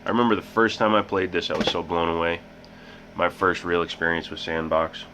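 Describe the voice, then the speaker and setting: A man's voice: deep voice, little pitch movement, brisk. A man hosting a casual game collection vlog, rambling and making joking asides about himself. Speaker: host. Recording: muffled with loud background hiss.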